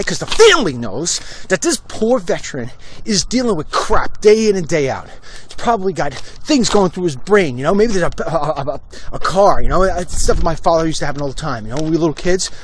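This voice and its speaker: A man's voice: a little high, animated, fast, hardly any pauses, slight background noise. A middle-aged man hosting a walk-and-talk show, ranting bluntly about politics while walking down a street and talking into a phone. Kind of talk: opinionated live-stream monologue while walking. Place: outdoors on a residential street.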